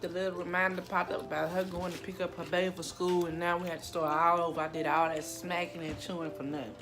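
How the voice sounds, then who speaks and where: Low, quick-talking woman, teasing sidekick on a home mukbang, music behind. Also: level tone. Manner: blunt and teasing. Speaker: host's sister, co-host. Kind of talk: casual eating vlog chat.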